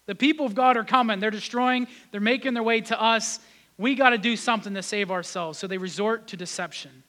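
A man preaching a sermon as pastor, animated, rising loud on key points and dropping to a quiet tone in reflective moments. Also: high voice, a little fast. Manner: acts out biblical voices in his telling.

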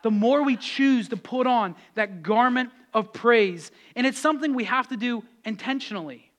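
A man's voice: very high-pitched, expressive, moderate pace, a bit bright. A middle-aged man preaching a sermon as pastor, exhorting and repeating key phrases with conversational asides to the congregation.

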